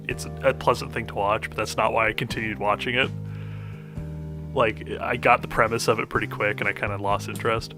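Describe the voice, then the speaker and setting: A young man chatting on a podcast, retelling an anime plot in a rambling way full of fillers and laughs. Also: mid-range voice. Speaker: podcast co-host. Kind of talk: casual chat recapping an anime.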